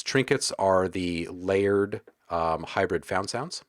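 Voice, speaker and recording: A man hosting a casual livestream, chatting with viewers in a relaxed, joking way while browsing sound packs. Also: sits low, slow, no echo, clean studio sound. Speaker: livestream host.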